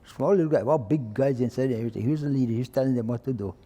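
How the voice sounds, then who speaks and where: An octogenarian retired fire chief recounts an old story in straightforward, Hawaiian Pidgin-tinged English, imitating the people he quotes. His medium-pitched, dark voice goes very fast, and the recording has a big-room sound.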